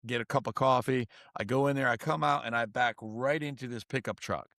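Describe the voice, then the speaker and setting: A man's voice: mid-range voice, fairly quick, creaky, no echo, studio quality. A middle-aged man, a guest author and coach, explaining a model and telling stories in a podcast interview. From United States. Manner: energetic, instructive, tells stories.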